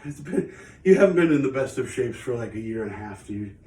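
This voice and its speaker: A man's voice: medium pitch, sing-song, a little fast, warm tone, distant mic. A man hosting his own channel, chatting casually and rambling while out of breath from exercise. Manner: chatty, rambling, self-mocking. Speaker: channel host. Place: home studio. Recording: echoey room, away from the mic.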